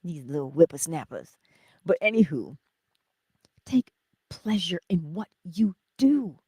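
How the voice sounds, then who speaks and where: A middle-aged woman hosting a casual spiritual livestream, chatting with viewers, telling stories and often dropping into soft whispers. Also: on the low side, big pitch swings, measured pace, slightly rough, dry recording. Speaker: host of a morning livestream.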